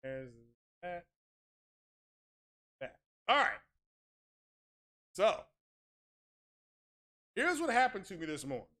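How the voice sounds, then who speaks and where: A man hosting a tech channel delivers a casual streamed rant in a high, sing-song voice with a fairly bright tone, speaking slowly with long pauses. He leans on sarcastic, mock-outraged exaggeration and crude, blunt street talk.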